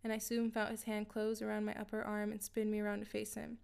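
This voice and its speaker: Flat-voiced, gravelly woman narrating. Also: mid-range voice, quick pace. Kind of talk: scripted first-person story narration.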